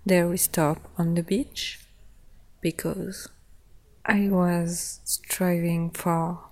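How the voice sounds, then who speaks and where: A young woman hosting a podcast, casually recounting a trip in a relaxed, chatty way, often laughing between phrases. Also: on the low side. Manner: loose, simple phrasing with frequent "like" and "yeah". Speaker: podcast host. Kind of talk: casual travel storytelling.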